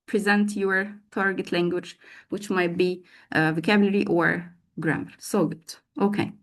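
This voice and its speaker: A woman's voice: fairly low pitch, unhurried. Woman teacher trainer, live web class, chatty and encouraging, lots of fillers. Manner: lively, calls on participants by name, frequent fillers.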